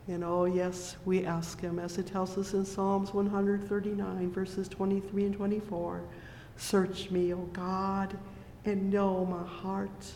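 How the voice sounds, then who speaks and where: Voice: medium pitch, a little mellow, slight background noise. A preacher delivering a sermon, reading scripture and breaking in often with fervent cries of praise between verses. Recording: echoey reverberant hall.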